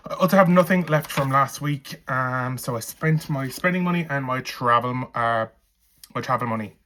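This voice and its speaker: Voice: mid-range voice, moderate pace, a bit bright, a little hiss or hum. A budgeting vlogger with an Irish accent, chatting casually at home while counting cash aloud into envelopes. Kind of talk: casual vlog chat.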